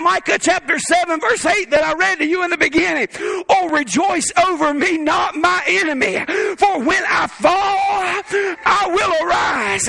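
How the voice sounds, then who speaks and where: High, gravelly shouting preacher. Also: male voice. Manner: shouting, rhythmic preaching with laughter asides. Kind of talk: pentecostal-style shouted sermon. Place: church sanctuary.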